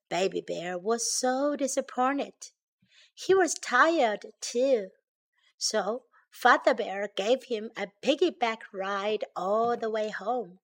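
Woman teacher reading a kids' story, very slow, slightly high. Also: animated. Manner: slow and clear, repeating phrases for learners. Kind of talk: bilingual English lesson with storybook read-aloud.

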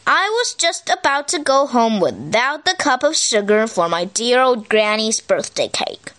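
A woman reading a picture book aloud in an animated, expressive way, as a storyteller. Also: on the high side, unhurried.

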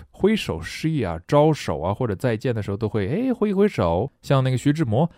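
A man's voice: mid-range voice, a little fast, few pauses, no room sound, studio quality. A middle-aged man hosting a recorded language lesson. He jokes as he explains words and reads example sentences aloud. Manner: lively and joking, switching between explaining and reading aloud. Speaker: English teacher.

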